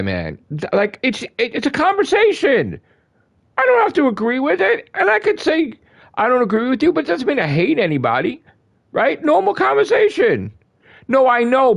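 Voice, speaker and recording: A man on a gaming live stream, ranting in a heated, profane way, repeating himself and swinging from loud outbursts to low grumbles. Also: gravelly. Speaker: gaming livestreamer.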